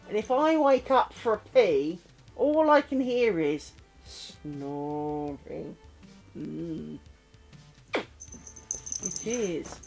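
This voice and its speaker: A chatty woman streaming from home while she crafts. Her pitch swings up and down a lot as she rambles through stories, then sinks soft and low whenever she talks to her pets. Faint music plays behind her. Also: lively intonation, very slow, pauses often. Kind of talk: casual chat while crafting.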